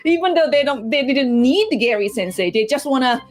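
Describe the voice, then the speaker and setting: A woman guest telling a story in an animated, playful way. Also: on the high side, normal speed.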